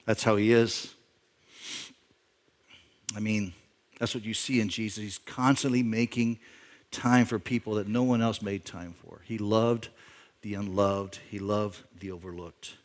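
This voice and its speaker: A middle-aged male pastor giving a sermon, telling a story conversationally, with lines that climb louder and higher for emphasis. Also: fairly even intonation, measured pace, pauses often. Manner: conversational storytelling, imagining a backstory aloud; rises in pitch and volume for emphasis.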